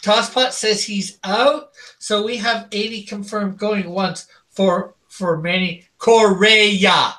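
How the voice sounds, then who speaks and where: A man's voice: high voice, steady tone, takes it slowly, hardly any pauses, fairly bright tone. A man hosting a live-streamed art auction, calling out bids over and over and chuckling between calls. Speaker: auction host.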